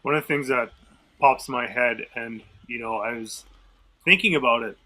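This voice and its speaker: Husky, bright-voiced man thinking aloud. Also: medium pitch, normal speed, low-quality recording. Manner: thinks aloud, many fillers and restarts. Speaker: podcast co-host. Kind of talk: casual discussion.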